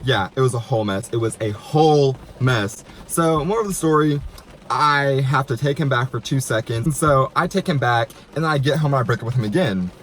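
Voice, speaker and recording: A man's voice: medium pitch, a little fast. Chatty man telling a dramatic story. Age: 20s. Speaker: YouTuber. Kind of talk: storytime vlog. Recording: noisy room.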